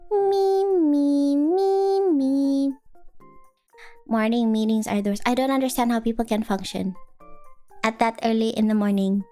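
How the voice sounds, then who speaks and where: A woman's voice: a little high, level tone, brisk, darkish tone, faint music behind. A sleepy woman streamer chatting casually with her viewers, rambling and playful, breaking into silly sing-song noises. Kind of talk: casual live-stream chat.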